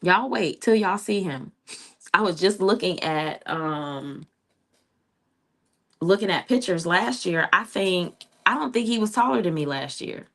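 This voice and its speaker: A middle-aged woman speaks in a low voice. She chats with her livestream audience in a casual, familiar way. She calls them "child" and "honey.". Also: lively intonation, measured pace, fairly bright tone. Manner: chatty, talks to viewers, says "child" and "honey". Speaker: livestream host.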